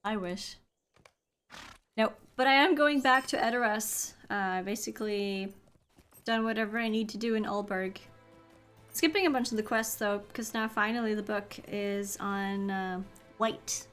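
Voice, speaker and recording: A woman's voice: medium pitch, unhurried, fairly bright tone, smooth, soft background music. Chatty woman streaming a game. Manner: chatty, upbeat, talks to chat. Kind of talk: casual gameplay commentary.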